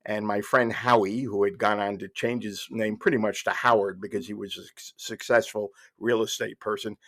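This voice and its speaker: Older male podcast host, somewhat low voice, wry and digressive storytelling. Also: fairly even intonation, normal speed, fairly bright tone. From New Jersey. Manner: wry, digressive, with fillers and restarts. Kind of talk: casual storytelling monologue.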